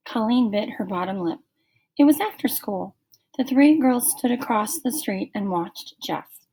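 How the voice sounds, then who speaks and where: A woman, like a teacher, reading a children's novel aloud in expressive, unhurried storytelling. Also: mid-range voice, slightly rough.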